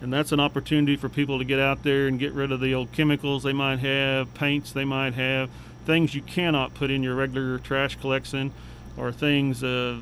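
A man gives city updates on a local radio segment. He talks in a flat, level tone, plain and unhurried with frequent fillers. A faint hum sits under the voice. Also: medium pitch, rough recording. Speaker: city official giving updates.

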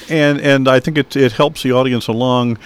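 A man hosting an interview, who talks in a measured, halting way with many fillers and restarts. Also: medium pitch, clean tone. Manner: measured, hesitant, full of fillers. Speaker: interview host. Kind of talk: conversational interview.

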